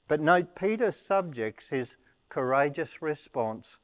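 Slow, measured male preacher. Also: on the high side, expressive. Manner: measured, explanatory teaching delivery. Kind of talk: sermon.

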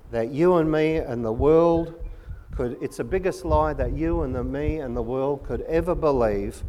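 A male preacher delivering a sermon at an unhurried pace, with a middle-pitched voice. He speaks earnestly, leaning on key words with measured emphasis. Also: a little mellow.

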